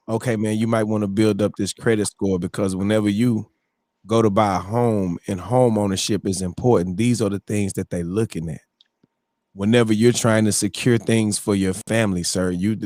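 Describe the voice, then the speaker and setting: A man in his thirties hosting a morning show, telling stories in a casual, animated way and calling everyone brother. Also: lowish voice, moderate pace, no room sound. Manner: animated, acts out quoted voices, calls people brother. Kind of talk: casual storytelling chat.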